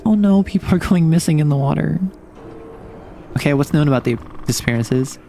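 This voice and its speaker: A man's voice: a little high, expressive, brisk, vocal fry, dark tone, faint music behind. A man streaming a game and talking through it in a playful, chatty way, reacting to everything with big, exaggerated responses. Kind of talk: casual game commentary.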